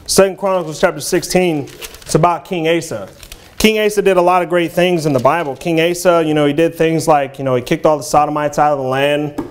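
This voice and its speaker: High-voiced man preaching a sermon. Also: steady tone, a little fast, a little hiss or hum. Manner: informal, conversational, peppered with "you know" and "man"; reads scripture aloud in King James English. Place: church.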